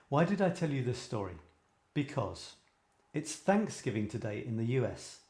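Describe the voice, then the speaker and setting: A man's voice: mid-range voice, sing-song, moderate pace, a little mellow. Chatty British man in an echoey room. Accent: British English. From Britain. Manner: rambling, self-deprecating, full of restarts. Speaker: host of a creative writing show. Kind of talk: live-stream chat, reading viewers' writing aloud. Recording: roomy echo.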